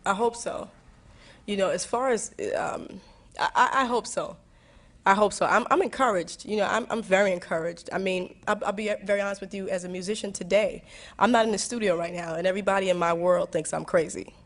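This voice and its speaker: A woman's voice: medium pitch, brisk. Woman musing to students, laughing often. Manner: warm, reflective, with restarts, laughs and acted asides. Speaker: guest speaker answering students. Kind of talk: candid talk to a high school audience.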